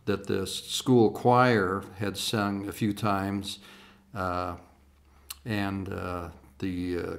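An older man, a singer-songwriter, talking casually to online viewers in a folksy, rambling way, with lots of "uh" and restarts. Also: deep voice.

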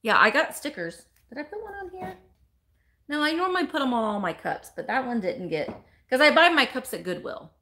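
This woman's high voice swings widely in pitch, pushed and bright, and runs a little fast. Hosting a relaxed home live stream, she unboxes mail with gushing excitement, calls out viewers by name, and reads their comments in a chatty, exclamatory way.

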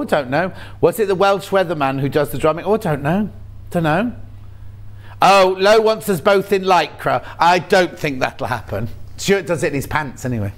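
Chatty uk guy selling fabric on tv, fairly high voice, rambles and jokes around. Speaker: shopping channel presenter. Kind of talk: casual chat. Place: TV studio.

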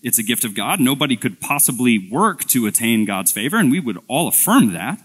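A man's voice: mid-range voice, big pitch swings, brisk, husky. A male pastor preaching a sermon in a church, telling a playful story in a conversational way, often restarting and repeating words. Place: church sanctuary.

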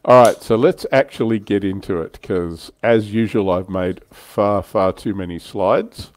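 A man's voice: lowish voice, measured pace, darkish tone. An older man hosting a casual livestream chat, chatty and self-deprecating, laughing often. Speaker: livestream host.

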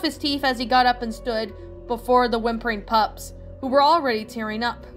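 A woman narrating a fan fiction story with an expressive reading. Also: a little high, moderate pace, faint music behind.

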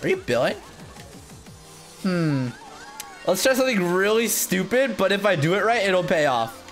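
A man giving live gameplay commentary, excitable and self-mocking, going from muttering to shouting. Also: sits high, moderate pace, faint music behind. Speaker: gaming video creator.

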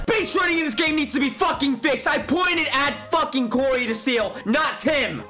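A young man commentating his own baseball video game, excitable, swearing and yelling at the players. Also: very high voice, normal speed, hardly any pauses, over music. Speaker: gaming YouTuber. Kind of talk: live gameplay commentary.

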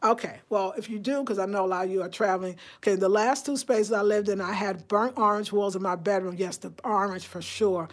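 A woman chatting casually on a live stream from inside her home, animated and talking straight to her viewers. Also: medium pitch, fairly quick, few pauses. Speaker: vlogger.

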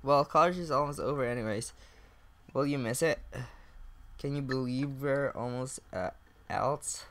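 A man's voice: mid-range voice, measured pace, long pauses, fairly bright tone. A young man casually commenting while playing a chat game, reading messages aloud, swearing and laughing often. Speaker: gaming YouTuber. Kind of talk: casual let's-play commentary.

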